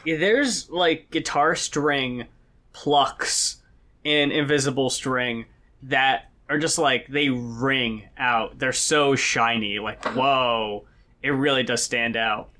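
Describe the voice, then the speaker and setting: A man co-hosting a podcast, talking casually about songs, animated and quick to swear and laugh. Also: medium pitch. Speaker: podcast co-host. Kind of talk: casual album review chat.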